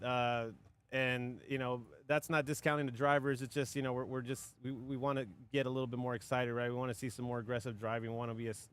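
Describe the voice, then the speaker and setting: A man's voice: medium pitch, a bit bright, clear, resonant tone. A man commentating and judging a live drift event, rambling casually with many restarts.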